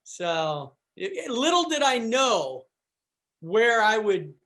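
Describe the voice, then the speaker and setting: A man guest on a podcast telling a story in a casual, animated way, acting out what people said and using lots of fillers. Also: sits high, slow. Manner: animated, acts out quotes, fillers.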